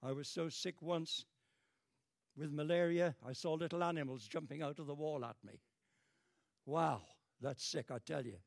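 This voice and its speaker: A man's voice: normal speed, gravelly, dry recording, clean studio sound. An older British man preaching a fervent sermon, repeating phrases and swelling in emotion. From Britain. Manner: fervent, repetitive, dramatic rises in pitch and volume.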